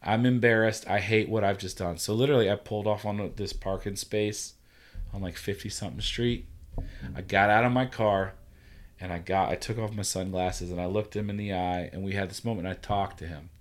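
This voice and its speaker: A man hosting a relaxed conversation, telling a story with energy. He acts out what each person said and swears freely as he goes. His voice sits fairly low. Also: brisk. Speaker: podcast host. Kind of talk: casual conversation.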